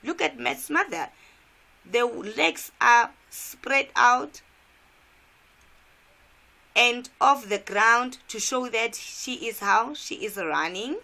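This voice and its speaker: A woman's voice: a little high, slow, creaky, pauses often, bright, forceful tone. A woman from South Africa, an English teacher, walking students through a cartoon step by step in a revision lesson and asking them questions.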